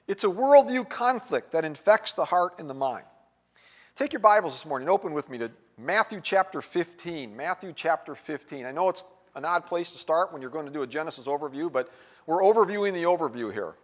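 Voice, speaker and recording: Guy pastor giving a sermon, kinda high voice, asks the crowd questions, big churchy echo. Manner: conversational, rhetorical questions, wide swings in loudness. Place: church sanctuary. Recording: church sanctuary with long reverb.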